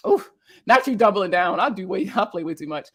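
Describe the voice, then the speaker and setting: A woman's voice: medium pitch, expressive, brisk, fairly bright tone. A young woman, a finance creator, reacting to viewer comments in casual talk, blunt and exasperated, swearing and firing off rhetorical questions.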